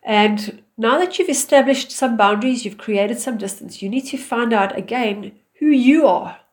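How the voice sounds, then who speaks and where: A woman and mother giving direct relationship advice in a calm, firm, instructive manner. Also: on the high side, moderate pace.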